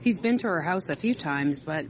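A woman's voice: fairly low pitch, animated, moderate pace. A woman co-hosting a casual online chat, rambling and searching for words. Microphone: online audio chat. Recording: noisy online call audio.

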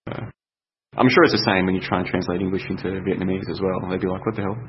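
A man's voice: low voice, fairly even intonation, fast. A young Australian man hosting a casual solo show, rambling and chatty, thinking aloud with plenty of fillers. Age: young adult. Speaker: podcast host. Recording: dull lo-fi sound with faint noise.

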